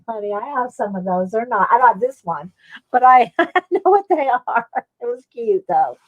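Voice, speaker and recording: A woman chats her way through an art supply haul on a home live stream, rambling, full of fillers and small laughs. Her voice sits a bit high, and the sound is close and dry, with no room around it. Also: lively intonation, moderate pace, no room sound, phone-quality sound. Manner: chatty, rambling, reads viewer comments aloud; frequent fillers and little laughs. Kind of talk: casual live-stream chat.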